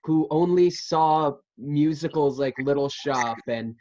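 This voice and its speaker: Casual chat, slow, lively pitch, dull lo-fi recording.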